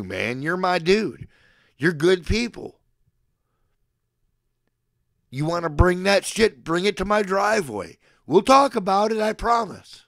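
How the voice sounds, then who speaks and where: Gravelly man in his forties ranting. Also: sits high, animated, a little slow, a bit bright, dry recording, clean studio sound. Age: 40s. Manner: aggressive, profane, boastful threats; swings between threats and affection. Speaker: livestreamer addressing his chat. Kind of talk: mock-sermon rant to a live chat.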